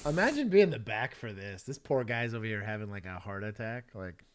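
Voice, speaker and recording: A man giving relaxed, chatty commentary on police videos as a streamer. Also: fairly low pitch, brisk. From Texas. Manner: relaxed, chatty, laughs often. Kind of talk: casual commentary.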